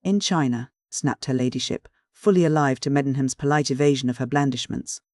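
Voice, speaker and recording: An audiobook narrator reading a classic novel in measured, scripted narration. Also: medium pitch, level tone, a little mellow, no echo, studio quality.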